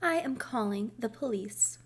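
A woman voicing a bossy, stern older sister in a storybook reading, giving orders in a strict, loud way. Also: on the high side, animated, measured pace, husky. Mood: indignant.

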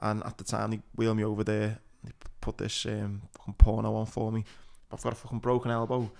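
A man's voice: fairly low pitch, completely flat delivery, brisk, gravelly, a little mellow. A man speaking frankly and bluntly, with plenty of swearing, in a casual podcast chat.

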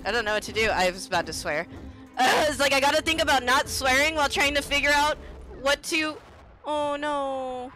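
Bright, giggly high-voiced woman streamer. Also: moderate pace, faint music behind. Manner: giggly, playfully self-censoring with silly stand-in words. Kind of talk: casual gameplay chat.

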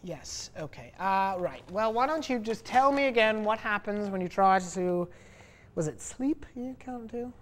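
A woman's voice: mid-range voice, lively intonation, a little slow. A young woman in a student sketch comedy, playing an impatient, mocking therapist. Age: young adult.

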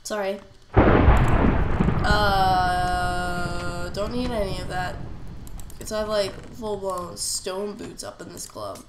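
A woman gamer with a cold-stuffed nose gives casual commentary on her gameplay, chatting to herself as she plays. Her fairly low voice moves slowly with frequent pauses. The recording has a roomy echo and faint noise.

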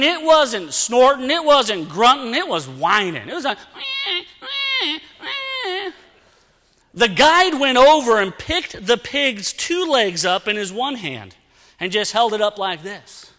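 A man preaching and telling a story with lots of energy, acting out sounds and bits of dialogue in a church. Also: high-pitched. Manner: animated, acts out sounds and dialogue. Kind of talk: storytelling sermon. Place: church sanctuary. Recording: long church-hall reverb.

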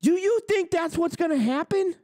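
A man's voice: very high-pitched, expressive, normal speed, a little mellow, no echo, clean studio sound. A man hosting a trucking business show, ranting on a livestream and firing off rhetorical questions. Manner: argumentative, fires off rhetorical questions. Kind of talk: livestream rant.

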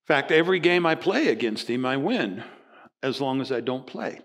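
A man in his sixties preaching a sermon as pastor, telling stories in a lively way and acting out both sides of conversations. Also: medium pitch, normal speed. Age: 60s. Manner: animated storytelling, acting out dialogue.

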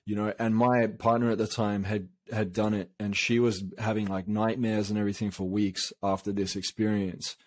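A man's voice: fairly low pitch, little pitch movement, normal speed, few pauses. A man from Australia, a coach, telling a long personal story in a casual interview, rambling with many fillers and restarts. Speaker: guest, coach.

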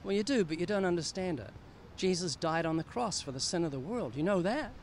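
A man's voice: high voice, animated, fairly quick, a little hiss or hum. An older man sharing his faith earnestly with a stranger on a city street, pleading and serious. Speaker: street evangelist. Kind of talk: street evangelism conversation.

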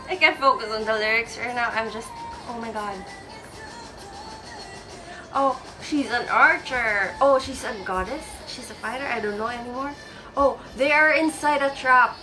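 A woman DJ reacting to a music video in a casual vlog, gushing with excited exclamations. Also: fairly high pitch, measured pace, pauses often, low-quality recording. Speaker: DJ and reaction vlogger. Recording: music video playing loudly behind the voice. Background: music video playing.

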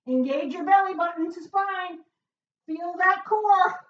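Woman fitness coach, high and unhurried, out of breath, recorded from across an echoey room. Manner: upbeat, encouraging, frequent whoops. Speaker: fitness instructor. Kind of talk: workout coaching. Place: home workout room. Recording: echoey room, far from mic, dull sound.

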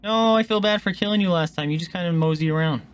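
A man streaming a video game, chatting casually and joking at the screen, often swearing when he gets excited. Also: sits high, quick pace, slight background noise. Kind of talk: casual gameplay commentary.

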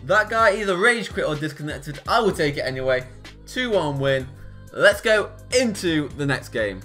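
Bright, high-voiced young gaming commentator. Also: male voice, normal speed, soft background music. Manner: excitable, swings from groans to shouts. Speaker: gaming YouTuber. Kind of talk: live gameplay commentary.

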